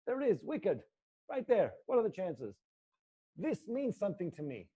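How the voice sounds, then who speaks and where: Middle-aged male acting coach, fairly high voice, intense and coaxing, swears freely; muffled lo-fi audio. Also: huge pitch swings, normal speed, mellow, husky. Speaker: acting teacher. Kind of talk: guided acting exercise in a live class.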